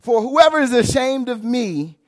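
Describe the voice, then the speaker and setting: With a very high voice and a slightly slow pace, a male pastor shares a personal story as part of a sermon. He preaches in a church sanctuary, his delivery lively and rising, with occasional shouts.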